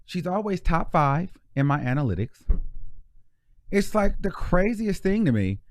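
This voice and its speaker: Sassy live-stream host, lively voice. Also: male voice, sits high, a little slow, a little hiss or hum. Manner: sassy, mock-preaching, blunt. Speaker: host of a live gossip show.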